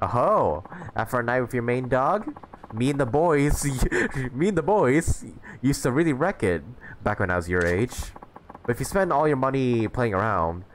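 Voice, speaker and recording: A man's voice: mid-range voice, lively intonation, moderate pace, slight background noise, pitched above the performer's own voice, close to an everyday voice. A man voicing a cocky, boisterous old English drunk who lectures a younger man. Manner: jovial, teasing, laughing.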